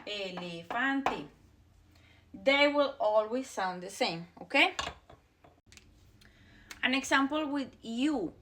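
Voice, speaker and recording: There's slight background noise as a young woman with a high-pitched voice runs a beginner language class. Spanish is her first language, and she drills each vowel and word repeatedly with patience.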